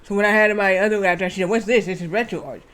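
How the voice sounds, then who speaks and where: A man's voice: high voice, fairly even intonation, quick pace, sharp tone, clean tone. A man streaming a game, chatting in a rambling, casual way with restarts and frequent swearing. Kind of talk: casual gameplay commentary.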